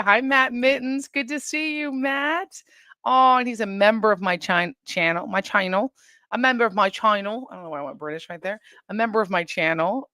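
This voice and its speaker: A woman's voice: lowish voice, pushed and bright, no echo, clean studio sound. A woman hosting a casual livestream from her home, chatting straight to viewers and reading their comments aloud. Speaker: livestream host.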